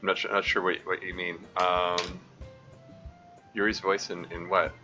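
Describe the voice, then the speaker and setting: Deep-voiced man rambling on a stream. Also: level tone, pushed and bright, faint music behind. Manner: rambling, halting, full of restarts. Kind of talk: live game stream with chat.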